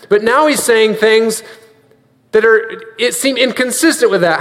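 A man with a high voice preaches an earnest sermon and has the congregation repeat lines after him. His words ring with the long reverb of a big church sanctuary. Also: measured pace, fairly bright tone.

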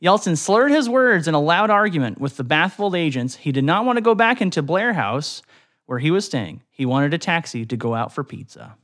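A man's voice: a little high, animated, moderate pace, a bit bright. A young man co-hosting a casual podcast, reading odd stories aloud and laughing often. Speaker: podcast co-host. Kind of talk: casual chat, reading trivia.

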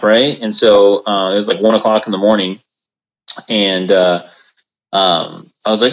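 A man with a fairly low, slightly bright voice calls in remotely to a podcast over a video call, speaking at normal speed. He tells stories in a relaxed, casual chat packed with fillers, and the audio quality is poor.

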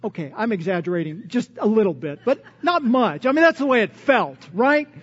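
A man's voice: high voice, big pitch swings, brisk, slightly rough, lo-fi sound. A man preaching a sermon in an earnest, conversational way, posing strings of rhetorical questions. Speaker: pastor.

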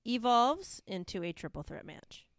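Unhurried and a little high, with big pitch swings, this woman chats casually and enthusiastically as a podcast co-host recapping wrestling, using lots of fillers. It's a dry recording with a clean studio sound.

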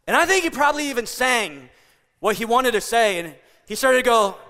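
A man's voice: extremely high pitch, expressive, fairly quick, creaky, sharp tone, long reverb tail. A man preaching a sermon to a congregation, playful and joking with the crowd. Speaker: pastor. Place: church hall.

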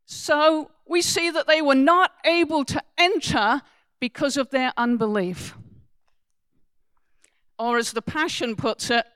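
A woman preaching a sermon to a congregation, earnest and emphatic, moving from soft asides to loud exclamations as she talks about scripture. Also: high voice, fairly even intonation, takes it slowly, dry recording.

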